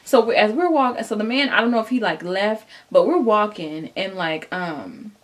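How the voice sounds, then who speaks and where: A young woman telling a casual storytime vlog straight to her viewers, animated and chatty, acting out what people said. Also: mid-range voice, normal speed. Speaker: vlogger.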